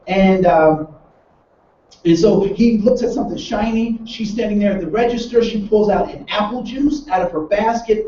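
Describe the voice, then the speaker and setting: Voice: mid-range voice, a little hiss or hum. A workshop trainer lecturing a live group, telling a story with lots of restarts and repeated words, and acting out the people in it. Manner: animated storyteller who acts out the people in the story. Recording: roomy echo from far off, dull and lo-fi.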